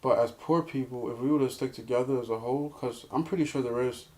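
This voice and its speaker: Earnest, halting young man. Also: mid-range voice, mellow. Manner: earnest, halting, repeats words. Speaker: guest. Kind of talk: casual chat.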